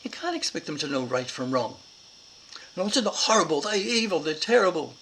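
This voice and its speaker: A man voicing his brisk, kindly mother who scolds and then soothes. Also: sits low, very animated, fairly bright tone, a little hiss or hum, voice pushed up, exaggerated voice, poor audio. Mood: soothing. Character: brisk Irish mother, older woman, kindly.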